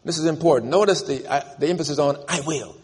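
A man with a slightly high, darkish voice and a breathy edge preaches at a quick pace. The sermon is emphatic, he asks the congregation to repeat after him, and the church adds long reverb.

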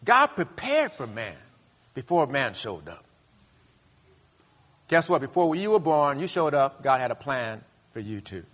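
Bright-voiced male pastor preaching in a hall. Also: very animated, measured pace, pauses often. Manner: call-and-response preaching, rising to loud high bursts. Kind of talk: sermon. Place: church sanctuary. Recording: long hall reverb.

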